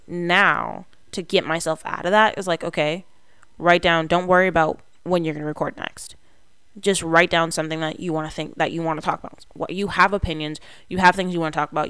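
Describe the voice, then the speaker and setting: A woman's voice: fairly low pitch, a bit bright, clean tone, no echo. A young adult woman hosting her own podcast, talking candidly and rambling through her thoughts in a solo monologue. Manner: candid, rambling self-talk. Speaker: podcast host.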